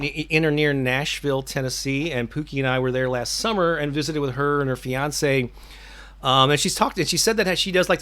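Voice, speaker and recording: A man's voice: medium pitch, a bit bright. A middle-aged man hosting his own channel, chatting casually on a live stream with many fillers and restarts. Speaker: affirmation channel host.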